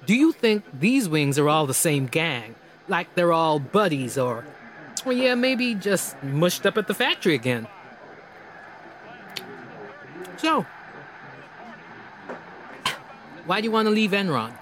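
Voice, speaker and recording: A man plays a rambling interrogator whose voice sits high and swoops wildly, lurching from giddy excitement to low, quiet threat. He teases and mocks, a menacing figure in a film drama. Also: moderate pace, a little hiss or hum. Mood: probing. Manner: rambling, teasing, sudden swings between loud excitement and quiet menace. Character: menacing, overweight male interrogator, probing and mocking.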